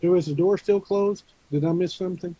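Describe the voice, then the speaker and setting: Soft, mellow-voiced, hesitant male player. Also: high-pitched, no room sound, poor audio. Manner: hesitant, soft-spoken, halting with fillers. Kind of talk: tabletop role-play.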